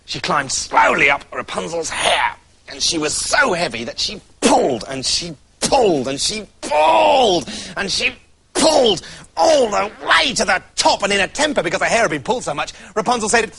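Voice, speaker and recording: A man tells a comic fairy tale with a playful, theatrical delivery. His voice is fairly high and very lively, jumping around in pitch. He throws himself into the telling. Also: moderate pace, creaky, husky. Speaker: storyteller.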